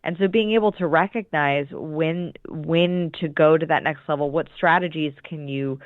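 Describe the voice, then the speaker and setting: A woman's voice: low voice, moderate pace, dry recording. A woman coach explaining her approach in a casual interview, thoughtful and restarting her sentences often. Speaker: business coach. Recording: tinny phone-like dry line.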